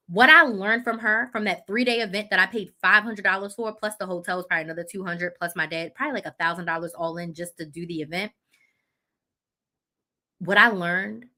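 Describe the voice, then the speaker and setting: Woman, 30s, business coach, live chat host, bright tense voice, blunt animated storytelling. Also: medium pitch.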